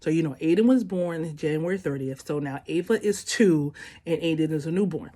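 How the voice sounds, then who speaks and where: A woman in her thirties telling a family story to her viewers in a casual, animated way, often laughing and calling them y'all. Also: deep voice, fairly quick.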